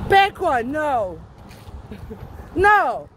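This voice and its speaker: A woman's voice: very high-pitched, animated, unhurried, long pauses, fairly bright tone, slight background noise. A woman ranting bluntly and combatively while walking outdoors on a city street, swearing a lot. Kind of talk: profane street rant.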